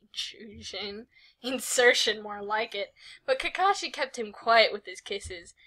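A young woman reads a fanfic aloud with a casual, giggly manner, often breaking off to exclaim and swear. Her voice is high and bright, with a very lively, swooping pitch. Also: a little slow, rough recording. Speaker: host reading a fanfic aloud. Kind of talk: casual comic read-along.

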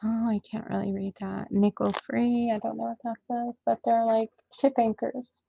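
Female live-sale host, slightly high voice, relaxed casual chatter, dull lo-fi stream audio. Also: normal speed, creaky. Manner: chatty, counting items aloud to viewers. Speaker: live seller unboxing jewelry. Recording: dull lo-fi audio with faint noise.

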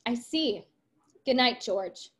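A woman's voice: a little high, expressive, slow pace, husky, exaggerated voice. A woman reading aloud the lines of a thoughtful young woman who loves ideas. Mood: earnest.

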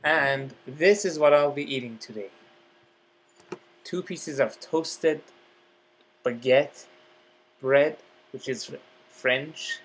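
A man chats slowly and happily through an eating vlog, with a slightly husky voice. He talks with his mouth full and keeps breaking into mm sounds of enjoyment. His pitch sits in the middle for a man. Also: a bit bright. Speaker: vlogger.

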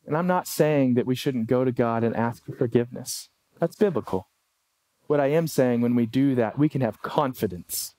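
A man preaching a sermon as pastor, animated, acting out pleading quotes. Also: mid-range voice, normal speed, no echo.

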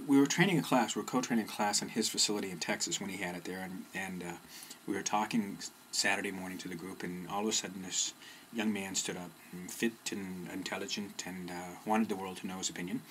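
Middle-aged male speaker, low-pitched, casual and meandering, slight background hiss. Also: a bit bright, low-quality recording. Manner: rambling, self-interrupting, with fillers and restarts. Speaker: personal development speaker. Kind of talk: casual storytelling monologue. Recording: faint background noise.

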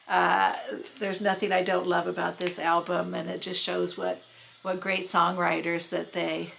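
A woman's voice: creaky, a bit bright, a little hiss or hum, low-quality recording. A woman in her sixties chatting casually in her tiki room at home, rambling and fond, with lots of fillers and restarts. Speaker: record collector. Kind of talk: casual chat. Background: record playing low on a stereo.

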